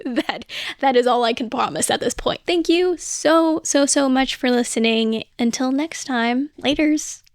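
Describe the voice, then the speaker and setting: A woman's voice: high-pitched, no room sound, studio quality. A young woman hosting her own podcast, talking earnestly and rambling through a personal catch-up. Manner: earnest, rambling, often says "oh my gosh". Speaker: podcast host. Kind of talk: solo casual chat.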